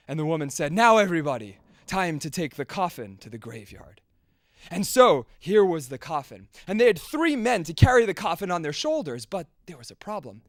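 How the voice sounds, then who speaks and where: A man telling a folk tale aloud, animated, swinging from loud bursts to hushes, with sound effects. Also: high voice, dry recording, clean studio sound. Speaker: storyteller.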